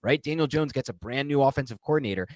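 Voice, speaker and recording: A young man co-hosting a casual sports podcast, analyzing game film in an animated way and slipping into mock voices. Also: medium pitch, fast, no room sound. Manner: animated, mimics voices in quotes. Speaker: podcast co-host.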